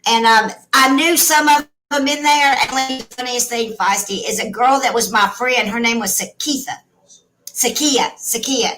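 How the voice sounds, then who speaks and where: A woman's voice: on the high side, moderate pace, sharp tone, a little hiss or hum, low-quality recording. A woman telling a personal story in casual chat, blunt, swearing freely and emotional.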